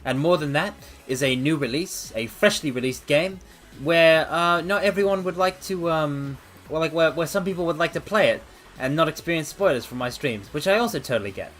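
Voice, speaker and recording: Dramatic, slightly high-voiced male streamer. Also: a little fast. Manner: theatrical, addresses viewers as mortals; animated, swings between loud outbursts and mock apologies. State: out of breath. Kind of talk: casual chat. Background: faint background music.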